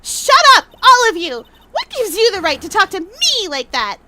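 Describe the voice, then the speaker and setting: Woman doing a bratty, shrill young woman witness; snippy and whiny, very high. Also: lively intonation, unhurried, pushed and bright, slight background noise, exaggerated voice. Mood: furious whiny.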